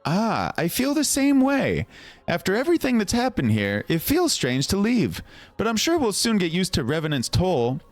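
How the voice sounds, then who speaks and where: A man voicing a courteous attendant, formal and deferential, in a raised pitch. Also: huge pitch swings, moderate pace, dry recording.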